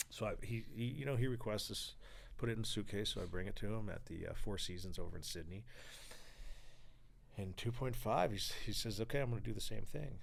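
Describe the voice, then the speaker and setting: With a fairly low voice and some vocal fry, a Californian man in his forties recounts a story as a podcast guest. It's a storytelling interview full of energy, with him acting out others' lines and swearing without restraint.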